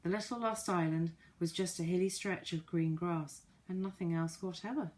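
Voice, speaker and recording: Calm woman reading a children's story. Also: lowish voice, normal speed. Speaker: audiobook narrator. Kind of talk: scripted children's story narration.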